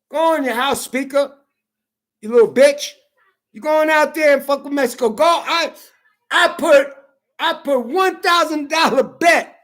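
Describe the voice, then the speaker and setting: A woman vlogger delivering an angry, profane political rant to camera, taunting and repeating herself, rising to shouts at times. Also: high-pitched. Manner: profane, confrontational, repetitive taunting.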